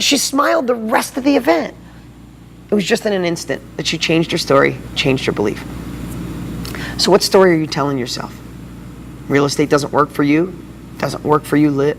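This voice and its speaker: A man hosting a motivational video blog, talking to viewers in an excited, fired-up way. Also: fairly high pitch, a little hiss or hum.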